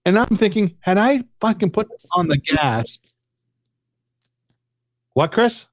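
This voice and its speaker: Podcast co-host, male, slightly high voice, swears a lot while telling stories, dry booth sound. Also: a little slow, long pauses, no echo. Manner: profane, rambling, animated storyteller. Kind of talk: casual storytelling chat.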